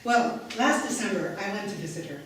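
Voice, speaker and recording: A woman's voice: medium pitch, expressive, brisk, slight background noise. A woman giving an inspirational talk on stage, telling a story in an emphatic way. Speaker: speaker. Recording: echoey hall from far off.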